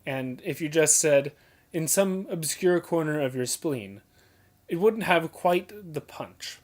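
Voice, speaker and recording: A young adult explaining how to read poetry aloud, pointing out pauses and emphasis as clips play. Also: mid-range voice, expressive. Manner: points out details, emphasizes and repeats examples. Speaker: teacher explaining poetry reading. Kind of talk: casual spoken lesson.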